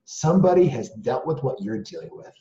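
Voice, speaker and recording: A middle-aged man, a guest, telling his own story in an earnest and animated way, full of restarts and rhetorical questions. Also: mid-range voice, fairly quick. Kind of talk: candid storytelling. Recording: roomy, dull lo-fi sound.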